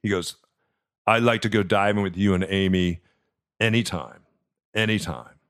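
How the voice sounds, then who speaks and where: A middle-aged man hosting a podcast, telling a personal story in a chatty way, stumbling over repeated words and dropping soft and low at the tender parts. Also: steady tone, moderate pace. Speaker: podcast host. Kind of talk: casual storytelling.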